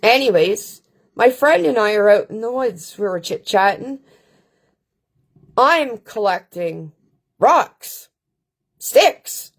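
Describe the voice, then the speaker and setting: This middle-aged Canadian woman hosts her channel's live stream over a webcam or phone mic, her voice a little high and animated. She tells stories bluntly, profanely and casually, taking her time and tossing in frequent filler questions.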